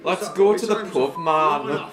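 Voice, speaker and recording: A man putting on a rowdy young northern lad itching for the pub, chanting in a mock-boisterous way. Loud crowd noise sits behind him. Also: a little high, takes it slowly.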